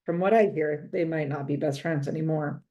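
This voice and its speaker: A woman narrating a children's storybook in a lowish, mellow voice. She reads expressively and stretches words out for effect. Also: fairly even intonation, normal speed. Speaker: storybook reader.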